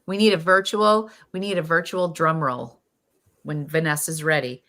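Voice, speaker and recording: A woman's voice: low voice, fairly even intonation, moderate pace, fairly bright tone. A woman with a Boston accent co-hosting a live pen show stream, chatting casually and reading out viewer comments. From Boston area. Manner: enthusiastic, reads viewer comments aloud.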